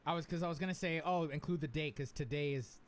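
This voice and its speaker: A man's voice: on the high side, fast, a little hiss or hum. A man hosting a live podcast in casual banter, joking and swearing freely, from New Jersey. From West New York, New Jersey. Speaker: podcast host.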